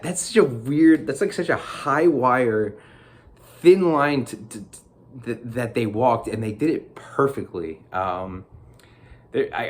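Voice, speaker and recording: A man, maybe in his thirties and from New Jersey, talking casually to camera in a rambling, excitable way, full of restarts and laughs. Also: fairly low pitch, a little hiss or hum. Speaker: vlogger.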